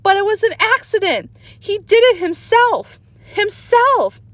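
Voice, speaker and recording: Woman doing a shrill bossy schoolgirl. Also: very animated, normal speed, a bit bright, no echo. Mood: upset. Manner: shrill and pleading. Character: bossy, whiny young schoolgirl.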